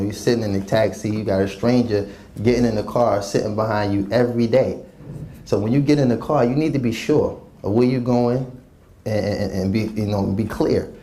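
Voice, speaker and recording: A man recounts his story in a laid-back, reflective manner, peppering it with fillers. His voice is lowish and mellow. It carries a roomy echo with faint ambience behind it. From New York City. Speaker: guest, former rap artist.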